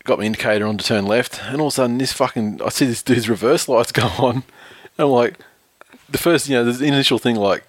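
A man's voice: mid-range voice, fast, no room sound. A man, telling a profane road-rage story with laughs on a podcast. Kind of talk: casual chat, storytelling.

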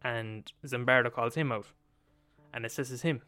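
A man's voice: mid-range voice, fairly even intonation, measured pace, sharp tone, faint music behind. A man with an Irish accent retelling a story in a casual, profane, repetitive, conversational way.

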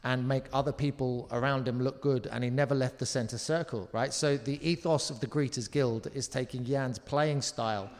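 A man from Surrey telling stories in casual chat on a live talk show, animated and swearing freely. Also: mid-range voice, normal speed, few pauses, big-room sound. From Surrey, England. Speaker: comedian guest.

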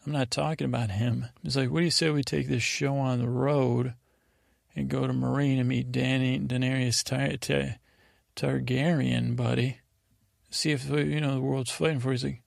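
A man's voice: mid-range voice, little pitch movement, normal speed, vocal fry, no room sound, clean studio sound. A man hosting a sleep podcast, casually retelling TV scenes in a meandering, drowsy way. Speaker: podcast host. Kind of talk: rambling sleep podcast recap.

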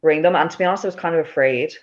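A young Irish woman in her twenties, guesting in a casual chat, tells a personal story very fast in a low voice. She's chatty, peppering her talk with "like" and plenty of laughter, though the audio is dull.

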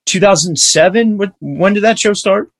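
A man's voice: high voice, moderate pace. A man hosting an interview, asking questions in an eager, affirming way. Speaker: interviewer, host. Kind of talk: casual interview chat.

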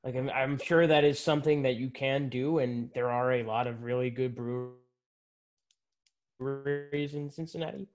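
Man, mid pitch, easygoing, thoughtful, interview guest. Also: fairly even intonation, normal speed, faint music behind. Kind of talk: casual interview chat.

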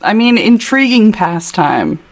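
A woman's voice: medium pitch, sing-song. A woman co-hosting a podcast, chatting casually about a book, laughing and reading passages aloud. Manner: chatty, giggly, quick asides. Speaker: podcast co-host.

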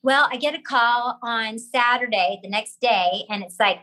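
Woman, animated storyteller, slightly high voice, quotes people in their voices. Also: measured pace, few pauses, rough recording. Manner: lively, acts out other people's lines. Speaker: actress telling a career story.

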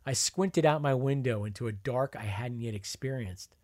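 A man's voice: mid-range voice, moderate pace, a little mellow, no room sound, clean studio sound. A man narrating a memoir in a wry, conversational storytelling manner. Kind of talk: memoir reading.

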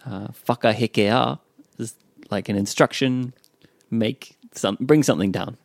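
A man's voice: medium pitch, measured pace, creaky, clean studio sound. A man co-hosting a language lesson as the learner, checking meanings and echoing phrases back. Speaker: learner and co-host. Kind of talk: bilingual language lesson chat.

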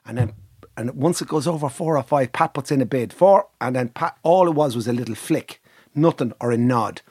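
Man, mid-pitch, husky and dry on the mic, a lively storyteller who acts out quotes. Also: a little fast, dry recording. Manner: animated, acts out quotes, laughs often. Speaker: storytelling guest. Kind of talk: casual anecdotal storytelling.

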